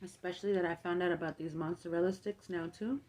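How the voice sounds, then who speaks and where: A woman's voice: lowish voice, steady tone, fast talker, darkish tone. A young woman in a casual mukbang storytime, chatty and full of fillers, acting out the people she quotes. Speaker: mukbang vlogger. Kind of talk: casual storytime while eating.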